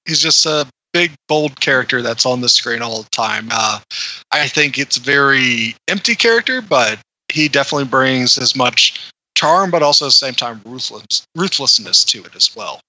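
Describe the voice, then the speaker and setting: Bright-voiced hesitant man reviewing films. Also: medium pitch, expressive, normal speed, low-quality recording. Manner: hesitant, many fillers. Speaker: podcast film reviewer. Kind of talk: casual chat.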